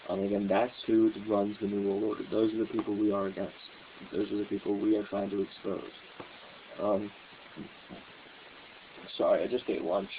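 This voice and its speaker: A man hosting a political talk show in a rambling, halting monologue full of fillers, heard over a tinny phone-like line. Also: fairly low pitch, gravelly, a little hiss or hum. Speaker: political podcast host. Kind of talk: casual monologue.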